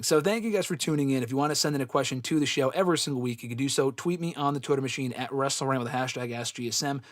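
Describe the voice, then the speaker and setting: A man's voice: medium pitch, no echo, clean studio sound. A man hosting a live-stream wrestling question show in a loose, giggly, casual way, reading out viewers' chat comments. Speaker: wrestling show host answering fan questions.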